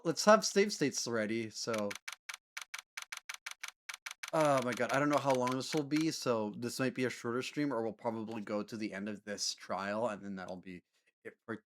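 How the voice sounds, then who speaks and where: A man's voice: medium pitch, moderate pace, long pauses, soft background music. Rambling, giggly male streamer. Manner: rambling, lots of fillers and laughter. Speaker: livestreamer. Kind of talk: casual live-stream chat.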